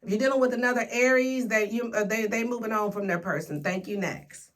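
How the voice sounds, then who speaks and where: A woman's voice: fairly high pitch, steady tone, brisk. A woman giving a casual, sassy tarot reading, talking straight to her viewers with playful slang. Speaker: tarot reader.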